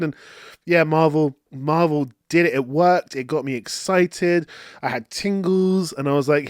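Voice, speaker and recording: A man hosting a casual, chatty movie review, talking excitedly and often saying "like". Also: on the high side, normal speed, no room sound, clean studio sound. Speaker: film review host.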